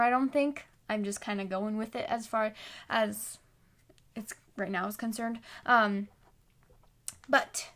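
A woman hosting her own podcast in rambling, self-deprecating casual chat, recorded on a phone while sitting on the floor at home. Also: a little high. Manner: rambling, chatty, self-deprecating, many fillers. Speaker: podcast host.

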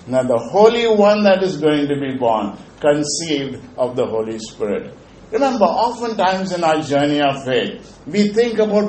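A man's voice: a little high, big pitch swings, moderate pace, darkish tone, reverberant, slight background noise, poor audio. A male pastor preaching a sermon in an earnest manner, repeating key phrases.

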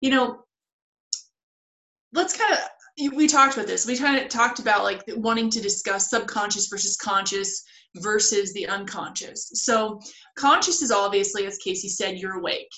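A woman's voice: mid-range voice, moderate pace, pushed and bright. A woman co-hosting a spiritual podcast, explaining ideas step by step in casual chat. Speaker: podcast co-host. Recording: roomy echoey audio.

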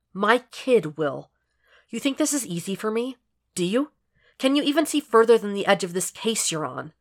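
A furious young father pushes hard in a confrontational audiobook scene, voiced by a woman reader. The voice sits low and keeps pressing. He sounds hurt and fed up.

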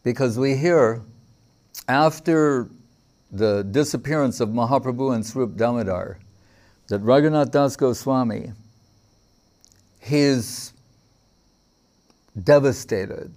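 A man's voice: medium pitch, slow, long pauses, darkish tone. A man giving a devotional lecture, telling stories with quoted dialogue and frequent fillers. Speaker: spiritual teacher.

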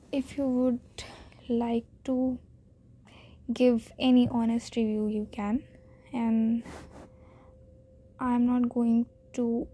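A woman's voice: a little high, warm tone, husky. A teenage girl with an Indian accent hosting her own podcast, talking shyly and self-deprecatingly, rambling with many restarts. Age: teens. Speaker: podcast host. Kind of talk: casual solo podcast monologue.

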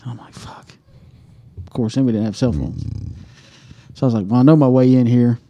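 A man's voice: medium pitch, quick pace, mellow, muffled recording. A man on a podcast, telling a hunting story casually, swearing and acting out his own reactions. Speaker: podcast co-host.

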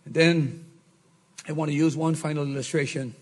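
A middle-aged man preaching a sermon, swinging from shouts to low murmurs. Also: steady tone, moderate pace. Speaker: pastor.

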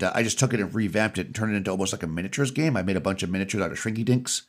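Fast-talking low-voiced man. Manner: rambling, self-correcting storyteller. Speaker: podcast co-host and game master. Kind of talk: casual chat.

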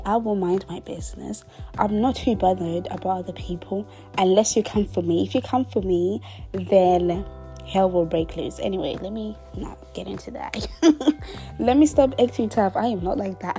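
A young woman in her twenties spins a casual storytime in a mellow, warm voice, chatty and dramatic, slipping into hushed whispered asides. Her pitch sits in an everyday middle range, and soft music plays faintly behind her. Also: normal speed. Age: 20s. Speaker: vlogger.

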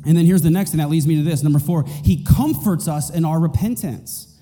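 High-voiced pastor preaching with emphatic repetition. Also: male voice, brisk. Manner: emphatic, repeats key points. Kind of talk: sermon. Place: church. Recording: reverberant hall with faint music.

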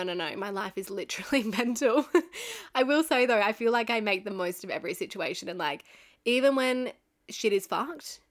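A woman's voice: medium pitch, fairly bright tone. Chatty Australian woman telling a story. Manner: chatty, swears freely, laughs often. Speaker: podcast host. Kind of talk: casual storytelling monologue.

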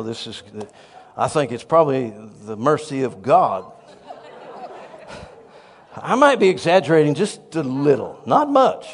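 A man who pastors a church, telling a story in a sermon with animated, self-deprecating humor. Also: fairly high pitch, long reverb tail.

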